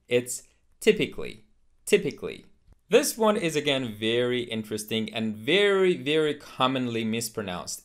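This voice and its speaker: Man teaching English pronunciation, slow repetitions. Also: mid-range voice, fairly bright tone. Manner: slow, deliberate repetition of words for learners. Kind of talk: scripted lesson to camera.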